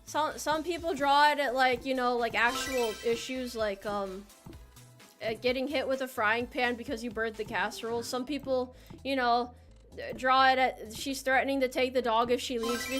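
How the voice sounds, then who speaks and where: Woman streamer, high bright voice, playful and teasing with chat, stammers and restarts, faint game music behind. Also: fairly even intonation, normal speed. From United States. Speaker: VTuber streamer. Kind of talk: casual live-stream chat while playing a game.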